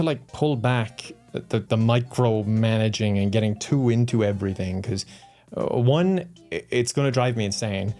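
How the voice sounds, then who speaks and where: A man's voice: on the low side, vocal fry, a little mellow. A young man and YouTuber talking casually to camera at home, rambling and self-mocking, laughing often. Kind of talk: casual vlog talk to camera. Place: at home, indoors and outdoors. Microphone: phone camera.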